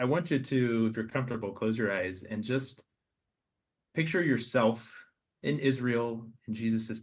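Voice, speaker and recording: Soft-spoken man leading a guided meditation. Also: lowish voice. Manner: slow, soft, hesitant restarts. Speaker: podcast host.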